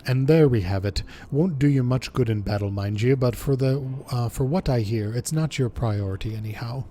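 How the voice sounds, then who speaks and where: A man's voice: medium pitch, normal speed, dark tone, a little hiss or hum, lightly acted. A man doing a folksy chatty blacksmith. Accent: mild put-on dialect. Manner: folksy, rambling, boastful. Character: jovial middle-aged male blacksmith, chatty. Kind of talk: reading game dialogue aloud on stream.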